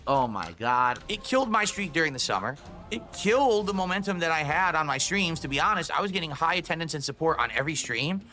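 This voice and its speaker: Guy streamer raging at a game, swearing a lot, voice jumps all over, bit high. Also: animated, fast talker, pushed and bright. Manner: angry, swearing, exasperated rants. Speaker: gaming streamer. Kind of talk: ranting game review over gameplay clips.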